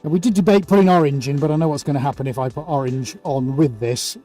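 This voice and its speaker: A man with a high, mellow voice chats away as he hosts a live art stream. He is playful and relaxed, reads out viewers' names and teases them. Soft music plays faintly underneath. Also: quick pace. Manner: chatty, playful, greets viewers by name. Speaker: livestream host and painter. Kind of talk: casual livestream chat.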